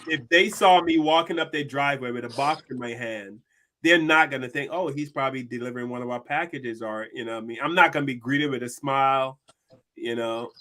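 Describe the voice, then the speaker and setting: Bright-voiced man telling a story. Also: mid-range voice, a little fast. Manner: storytelling, acts out quoted people. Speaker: podcast co-host. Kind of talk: casual discussion.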